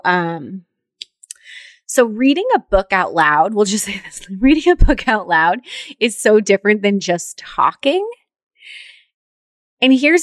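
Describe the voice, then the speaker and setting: A woman's voice: mid-range voice, dry recording, clean studio sound. A woman in her thirties hosting a podcast, talking in an upbeat, chatty way and laughing often. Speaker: podcast host. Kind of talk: casual podcast talk.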